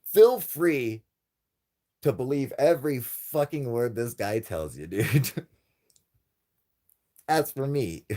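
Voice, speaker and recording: A young man talks straight to his viewers in a loose, profane rant, mocking and laughing as he goes. His pitch swings widely from low mutters to sudden high outbursts. It sounds like an unscripted live stream. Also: dark tone. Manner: profane, mocking, laughs often, does exaggerated voices when quoting. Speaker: UFO channel host.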